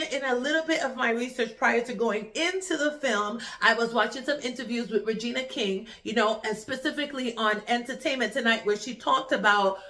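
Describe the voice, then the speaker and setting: A Jamaican woman talks through a film she just watched, her voice high and bright. She is chatty and animated, often repeating words for emphasis as she reviews it. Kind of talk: casual spoken film review.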